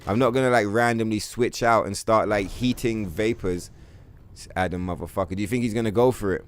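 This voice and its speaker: A man's voice: lowish voice, fairly quick. A man, streaming a video game and ranting casually, full of swearing and filler words. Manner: profane, rambling rant, heavy on "bro" and "like". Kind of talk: casual livestream commentary.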